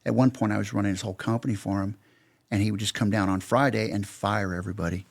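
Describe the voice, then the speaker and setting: A man's voice: fairly low pitch, steady tone, fast talker, vocal fry. A man in his fifties from Los Angeles, a guest on an interview podcast. He tells long, rambling anecdotes in a casual way and retells what people said with "I go" and "he goes.". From Los Angeles, California. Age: 50s. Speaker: podcast guest, security company veteran.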